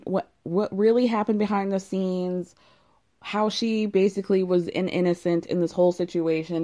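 A woman's voice: mid-range voice, dark tone. A woman hosting a casual chat about a reality show, talking in an opinionated, gossipy way and often laughing. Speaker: host recapping a reality show. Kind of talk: casual chatty commentary.

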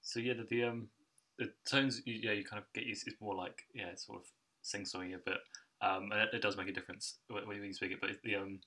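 A young man on a podcast telling stories quickly in a casual chat, laughing and trailing off into asides. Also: lowish voice, flat delivery, bright, forceful tone, recorded from a distance. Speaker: podcast co-host.

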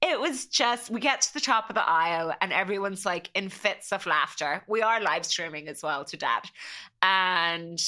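Bright-voiced woman telling a story. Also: fairly low pitch, expressive, normal speed. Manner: chatty, quoting herself and family with "I was like". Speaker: podcast guest. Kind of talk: personal storytelling in conversation.

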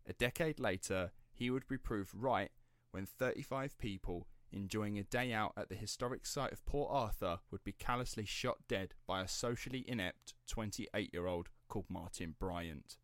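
A man's voice: on the low side, moderate pace, fairly bright tone, no echo, clean studio sound. A young man hosting a casual true-crime podcast, chatty and rambling, swearing and laughing easily as he tells the story. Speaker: podcast host telling the story.

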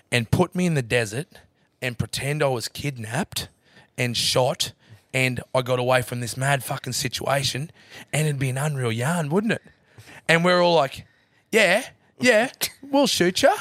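A man's voice: mid-range voice, moderate pace, no echo. A man telling a long wild story as a podcast guest, swearing freely and acting out what everyone said. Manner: animated yarn-teller, swears freely, acts out others' lines. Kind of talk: casual storytelling chat.

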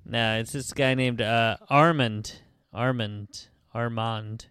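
A man's voice: mid-range voice, slow pace, fairly bright tone, smooth, no echo. A man hosting a book podcast, retelling the story in a rambling, profane way full of fillers. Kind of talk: casual chat.

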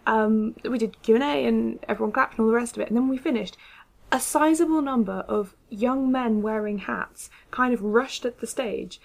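Gravelly-voiced woman chatting. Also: a little high, normal speed, darkish tone. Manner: chatty, hedging with fillers. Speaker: podcast co-host. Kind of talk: casual chat.

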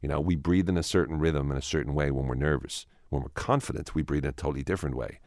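A man's voice: extremely low pitch, quick pace, a little mellow, no echo, clean studio sound. A man, a guest in an interview, explaining ideas at length with frequent restarts and acted-out inner voices. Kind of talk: conversational interview.

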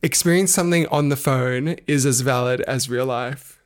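A man's voice: medium pitch, moderate pace. A man, co-hosting a podcast with playful, defensive banter. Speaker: podcast co-host. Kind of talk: casual chat.

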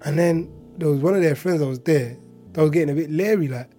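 Male, warm mellow tone, chatty anecdote teller with faint music behind. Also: a little high, fast. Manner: chatty, heavy on filler words and asides. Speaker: storyteller. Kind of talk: casual anecdote telling.

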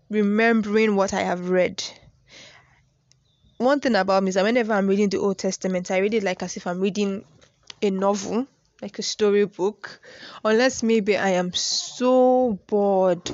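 A woman's voice: medium pitch, a little mellow, no echo. A woman talking earnestly and conversationally as she shares a personal devotional reflection. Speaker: devotional speaker. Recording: dull lo-fi dry recording.

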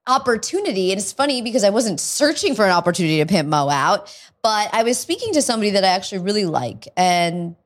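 A woman's voice: medium pitch, fast. A woman co-hosting a podcast, telling stories in a casual chat and laughing often. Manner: laughs often, animated storytelling. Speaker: podcast co-host.

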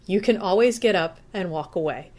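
A woman's voice: mid-range voice, lively intonation, moderate pace, a little mellow. Woman giving chatty practical advice. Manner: chatty, practical, acts out buyer's inner voice. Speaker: car buying expert guest. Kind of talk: casual advice talk.

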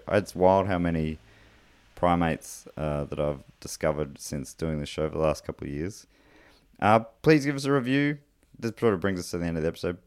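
A man's voice: low-pitched, a little mellow, clear, resonant tone, dry recording. A man hosting a podcast, chatting casually in a loose, rambling way with plenty of fillers and restarts. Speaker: podcast host and comedian. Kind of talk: casual podcast chat, reading listener mail.

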